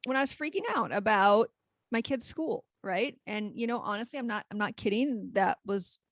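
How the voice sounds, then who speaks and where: A woman's voice: medium pitch, normal speed, no room sound. A woman in her forties co-hosting a podcast in casual chat, frank and rambling, swearing freely. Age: 40s. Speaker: podcast co-host.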